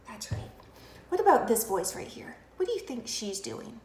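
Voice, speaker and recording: Brief: fairly high-voiced woman teacher, talks to camera like to little kids, drops into whispers, roomy echo. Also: big pitch swings, normal speed, darkish tone, slight background noise. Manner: speaks to camera as if to young children, with emphatic questions and praise; switches between full voice and whispering to demonstrate. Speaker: kindergarten teacher. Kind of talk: instructional demonstration. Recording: roomy echo with faint ambience.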